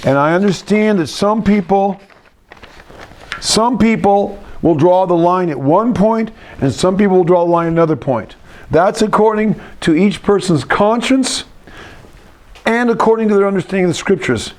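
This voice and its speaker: A middle-aged pastor giving a conversational sermon, with frequent restarts and asides. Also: male voice, high-pitched, moderate pace, darkish tone.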